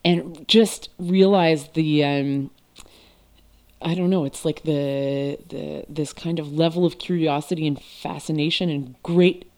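A woman hosting a podcast interview, enthusiastic and quick to laugh as she gushes over her guest's work. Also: sits low, fairly even intonation, a little mellow. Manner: enthusiastic, giggly, gushing. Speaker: podcast host. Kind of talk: casual interview chat.

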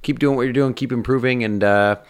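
A man's voice: medium pitch, fairly even intonation, brisk, clean tone. A man from Canada hosting a casual radio show, rambling and upbeat with lots of fillers. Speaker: radio host.

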